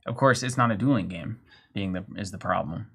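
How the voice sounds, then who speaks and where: A man's voice: lowish voice, a little fast, a bit bright, breathy edge. Man chatting casually on a stream. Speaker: co-host. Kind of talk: casual chat.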